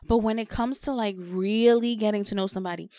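A young woman talking on a podcast in a frank, confessional way, often doubling her words to stress a point. Her voice sits at a middle pitch. The recording is dry and close, with no room sound. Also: steady tone, brisk, mellow, no room sound. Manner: candid, confessional, repeats words for emphasis. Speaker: podcast co-host or guest. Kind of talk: casual podcast chat.

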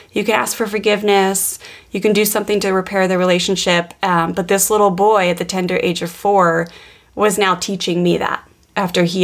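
A woman's voice: medium pitch, vocal fry. A woman in her thirties, a podcast co-host and parenting coach, telling personal stories earnestly with frequent restarts. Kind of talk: casual podcast conversation.

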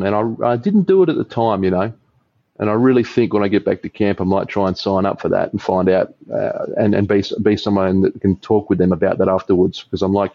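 A man's voice: on the low side, vocal fry, dark tone, no room sound, highs cut off. A man with an Australian accent, a podcast guest chatting casually over beers, rambling, swearing freely and laughing a lot.

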